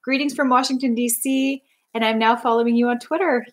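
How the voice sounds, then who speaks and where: A woman's voice: a little high, fairly even intonation, a little fast, noisy background. A young woman from Canada chatting casually on a livestream, bubbly and rambling as she reads out viewer comments. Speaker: livestream host.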